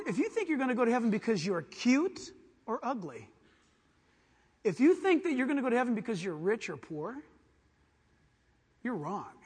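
A man preaching a sermon, acting out quoted voices and swinging from hushed, intimate lines to loud shouts. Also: extremely high pitch, breathy edge. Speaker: pastor. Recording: long hall reverb.

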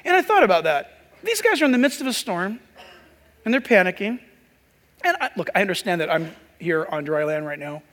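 With a very high, sing-song voice and a fairly bright tone, a male pastor delivers a sermon at a fairly quick pace. He's chatty and slips joking asides to the congregation. A long reverb rings through the hall.

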